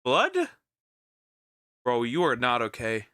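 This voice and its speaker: A male streamer reacting to videos, excitable and profane, often stammering. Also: medium pitch, slow pace, smooth, no room sound, clean studio sound. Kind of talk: reaction commentary.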